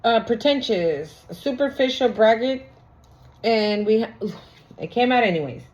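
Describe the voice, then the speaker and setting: A woman's voice: a little high, expressive, unhurried, darkish tone. A woman doing a casual tarot reading, talking bluntly with slang and profanity. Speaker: tarot reader. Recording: lo-fi recording.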